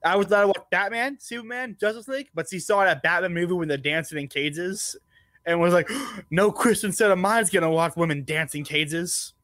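A man's voice: high-pitched, fairly quick, a bit bright, no room sound. A man hosting a podcast, telling stories in loose, casual chat with a lot of swearing. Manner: loose, profane storytelling. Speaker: podcast host.

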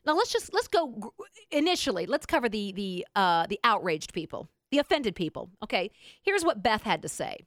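A woman with a Southern American accent co-hosting a radio talk show, reading news stories aloud in a teasing, animated way. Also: medium pitch, moderate pace, no echo, studio quality. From Southern United States.

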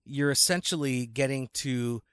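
A man's voice: mid-range voice, unhurried, fairly bright tone, smooth, no echo, clean studio sound. A man co-hosting a casual church podcast, teasing his friend and reading a listener email aloud. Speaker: podcast co-host, pastor.

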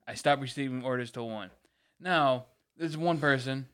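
A man's voice: medium pitch, normal speed, a bit bright, clear, resonant tone. A man in casual podcast chat, ranting about a late customer and acting out both sides. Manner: ranting, repeats words, acts out quoted customers. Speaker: podcast co-host.

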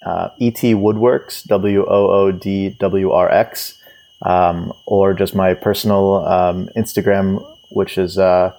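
A man with a very low voice, a guest on a podcast, speaking in a relaxed, easygoing way. He leans on fillers like "like" and "um" as he talks. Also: slow pace, creaky. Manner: relaxed, filler-heavy, says "like" and "um" often. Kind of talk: casual interview chat.

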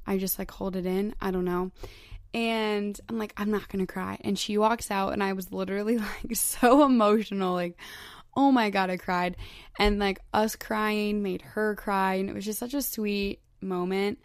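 A woman's voice: mid-range voice, vocal fry, no room sound, studio quality. A young woman in her twenties hosting a solo podcast, chatting casually and gushing, with "like" in nearly every phrase. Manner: chatty, heavy use of "like", gushing. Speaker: podcast host.

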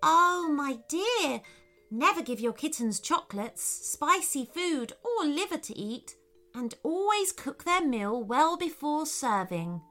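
Woman voicing a gentle little firefly. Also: high-pitched, big pitch swings, takes it slowly, faint music behind, pitched above the performer's own voice, heavily acted. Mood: reassuring. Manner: soft, gentle and reassuring. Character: kind small firefly, gentle and caring.

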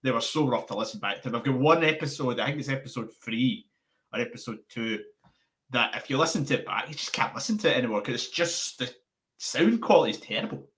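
Young man, bright tone, guest in a relaxed interview chat, rambles animatedly. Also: mid-range voice, fast talker. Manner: rambling, restarts often, animated. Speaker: podcast founder.

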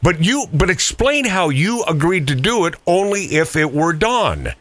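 A man's voice: high-pitched, big pitch swings, a little slow, fairly bright tone. A man hosting a radio interview, chiming in with enthusiastic interjections. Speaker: radio host.

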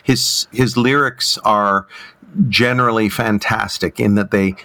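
A man talks through his thoughts in a relaxed interview, voice sitting a little low. He pauses often and restarts his sentences, reaching for words as he goes. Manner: thoughtful, hesitant, many fillers and restarts. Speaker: guest musician. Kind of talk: casual interview chat.

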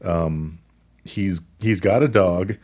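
Male podcast co-host, low voice, halting and filler-heavy in casual movie chat. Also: darkish tone. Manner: hesitant, many fillers and restarts.

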